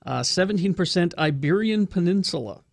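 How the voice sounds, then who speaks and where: Gravelly, lively man with dry wit. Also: high-pitched, normal speed, faint music behind. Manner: wry, dry humor. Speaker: radio show co-host. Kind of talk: casual morning radio banter.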